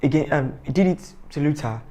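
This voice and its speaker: A man's voice: fairly high pitch, a little fast, dark tone. A man giving a casual, rambling, joking review of a TV series, often correcting himself. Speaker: TV show reviewer.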